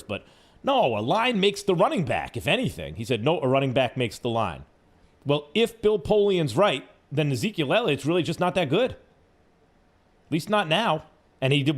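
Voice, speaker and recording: Animated, argumentative male sports radio host. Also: medium pitch. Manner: animated, argumentative, mocking asides. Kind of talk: sports talk radio debate. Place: radio studio.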